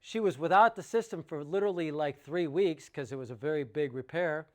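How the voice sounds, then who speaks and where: A man's voice: fairly high pitch, a little fast. A man giving an informal sales talk about water treatment, working through sums aloud with enthusiasm and rhetorical questions.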